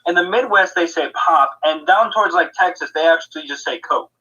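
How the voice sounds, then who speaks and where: A man's voice: on the high side, brisk, pushed and bright, lo-fi sound. A man co-hosting a podcast in casual chat, rambling and laughing easily. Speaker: podcast co-host.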